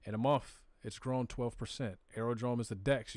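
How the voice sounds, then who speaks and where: Faint music plays behind a mid-range male voice with fairly even intonation, a moderate pace, and a darkish tone. The speaker, who has a Southern US accent, hosts a live crypto stream and casually explains charts and data in plain, slangy words. He chats directly with viewers throughout this screen-share walkthrough.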